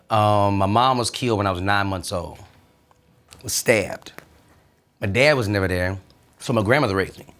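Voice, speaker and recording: Male podcast co-host, a lowish voice, AAVE, sober and quiet. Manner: quiet and serious when sharing personal news. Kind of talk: podcast chat.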